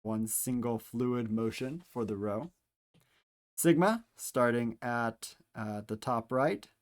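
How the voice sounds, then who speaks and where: A man teaching how to handwrite Greek letters, calmly explaining each stroke step by step, with playful asides now and then. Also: medium pitch, slow pace. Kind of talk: handwriting tutorial instruction.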